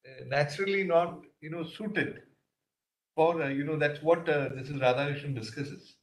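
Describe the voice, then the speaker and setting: Probing judge in an echoey court. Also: male voice, a little high, moderate pace. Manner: probing, thinks aloud with "uh, you know" fillers. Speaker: judge questioning counsel. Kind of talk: courtroom questioning. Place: large courtroom. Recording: roomy courtroom audio.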